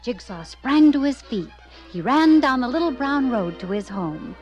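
A woman narrating a children's story aloud in an expressive, lively way. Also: high-pitched, normal speed, dull audio, faint music behind.

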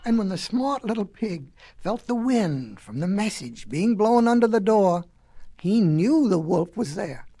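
A woman's voice: medium pitch, lively intonation, a little slow, mellow, breathy edge. Woman reading a folksy storybook. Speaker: narrator.

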